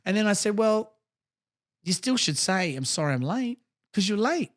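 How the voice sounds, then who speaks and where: Man, podcast co-host, high voice, blunt, emphatic, casual chat. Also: sing-song, normal speed, a bit bright. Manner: blunt, emphatic, swears freely.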